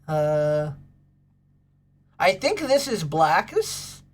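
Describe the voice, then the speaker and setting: Her voice sits low and sing-song, and she speaks very slowly. She's a woman running a casual livestream, bubbly as she chats with viewers, gushing over pets and offering thanks to chat.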